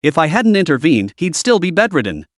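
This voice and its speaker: A man voicing a stern, boastful elderly sect elder who scolds and plots in hushed tones. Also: fairly high pitch, big pitch swings, brisk, dry recording, clean studio sound. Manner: scolding, conspiratorial.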